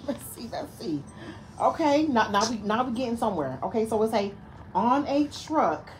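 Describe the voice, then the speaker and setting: A woman's voice: fairly high pitch, moderate pace, a little hiss or hum. A young woman from Michigan vlogging in a casual, sassy way, calling her viewers girl and baby. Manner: animated sing-song story-time voice for a child. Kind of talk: casual vlog chat.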